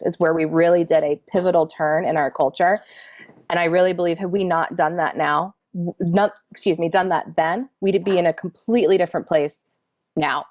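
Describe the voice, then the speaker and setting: A woman answering interview questions in an earnest, candid, measured way. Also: deep voice, a little mellow, muffled recording. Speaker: manufacturing support leader, interview guest.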